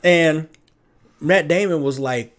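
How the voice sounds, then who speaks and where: A man's voice: a little high, slow. A man chatting casually on a live stream, telling stories with animation and putting on voices. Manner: animated storyteller, puts on voices. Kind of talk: casual chat.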